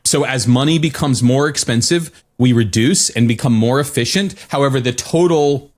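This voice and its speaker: A man's voice: medium pitch, moderate pace. A man co-hosting a podcast in a casual discussion, musing aloud, restarting sentences and posing questions. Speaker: podcast co-host.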